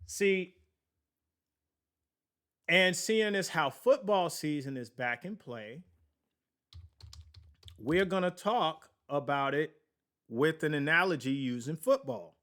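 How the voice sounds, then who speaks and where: Male podcast host, slow and rambling, a bit high-voiced, talks money with a live chat. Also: expressive, fairly bright tone. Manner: rambling, digressive, laughs at himself; slow, drawn-out delivery with many fillers. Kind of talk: casual finance talk on a livestream.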